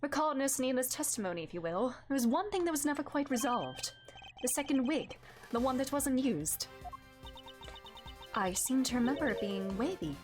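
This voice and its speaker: A man's voice: very high voice, sing-song, normal speed, over music. Woman reading as a composed, formal male prosecutor.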